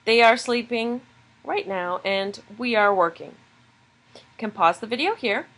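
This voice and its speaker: A woman's voice: a little high, animated, a little slow, fairly bright tone, rough recording. A woman teaching a recorded video lesson, explaining grammar step by step in a patient way. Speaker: Spanish teacher.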